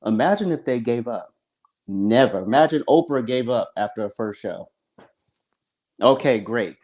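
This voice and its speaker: A man's voice: mid-range voice, expressive, moderate pace, a little mellow. A man co-hosting a podcast, talking bluntly and with plenty of swearing in a casual motivational rant. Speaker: podcast co-host.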